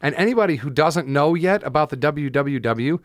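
A man's voice: a little high, animated, brisk, no echo, studio quality. A man co-hosting a sports podcast in casual chat, joking and riffing at his own expense. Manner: joking, riffing, self-mocking. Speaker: podcast co-host.

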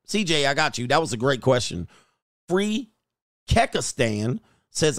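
A man's voice: medium pitch, sing-song, a little slow, long pauses, a bit bright, no room sound, clean studio sound. A man hosting a casual livestream, joking and laughing as he reads out viewer comments. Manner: joking, laughs often, slangy. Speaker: show host.

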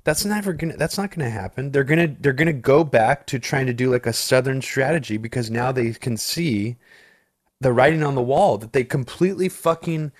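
A man's voice: medium pitch, fairly quick. A man talking politics in casual chat, swearing freely and restarting his sentences as he thinks. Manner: casual, profane, rambling with restarts.

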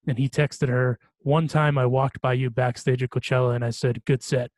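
A man's voice: medium pitch, flat delivery, normal speed, darkish tone, no room sound. Rambling chatty man, dry close sound. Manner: rambling, laughing often, many restarts and fillers. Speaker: podcast host. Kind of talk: casual chat.

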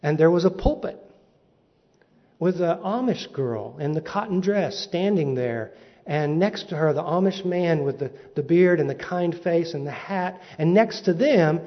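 A man's voice: on the high side, unhurried. Man telling a funny sermon story. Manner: animated, comic timing. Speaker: preacher. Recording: dull recording in a reverberant hall.

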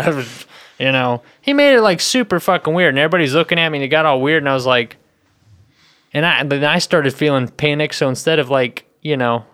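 A man in his thirties, a podcast co-host, telling a story in a rambling, animated way that is full of swearing. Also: mid-range voice, clear, resonant tone, no room sound, clean studio sound. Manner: rambling, animated, profane, heavy "I was like". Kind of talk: casual storytelling chat.

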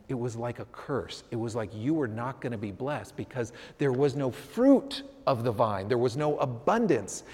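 A pastor preaches a sermon in a church with long hall reverb, his voice a little high and a little mellow. He talks conversationally and acts out what his listeners might say.

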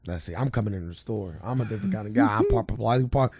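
A man co-hosting a podcast in casual chat, telling animated stories with lots of swearing and acted-out quotes. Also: lowish voice, very fast, husky, no room sound. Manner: animated storytelling, acts out quotes, swears freely. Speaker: podcast co-host.

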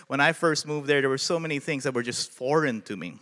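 A man's voice: mid-range voice, fast. Filipino man preaching in a reverberant hall. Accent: Filipino English. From Philippines. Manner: animated, asks the listeners questions. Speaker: pastor. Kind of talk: sermon.

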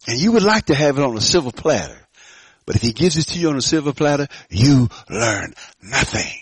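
A man preaching a sermon to a church, swinging between loud rising calls and quiet low asides, with frequent stammering restarts. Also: husky, dry recording. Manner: preaching with sudden loud rises and soft drops. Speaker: pastor.

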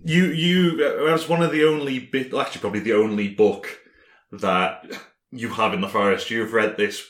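A man narrating as game master in a halting way, with many pauses and ums. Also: lowish voice, fairly bright tone, reverberant.

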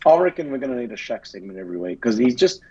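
An Australian man co-hosting a casual footy podcast, telling sweary, animated stories and mimicking his mates. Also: mid-range voice, rapid-fire, husky, lo-fi sound. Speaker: podcast co-host.

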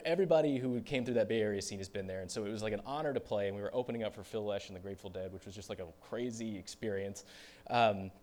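A male pastor preaching a sermon in a storytelling manner, dropping to hushed confessional tones and then rising into loud, animated bursts. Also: fairly low pitch.

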